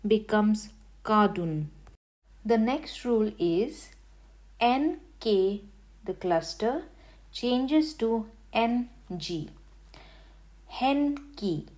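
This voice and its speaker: Slow, careful woman teaching grammar. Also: mid-range voice, a little mellow. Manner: careful, syllable-by-syllable explaining. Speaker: language teacher. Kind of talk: slow, deliberate grammar lesson.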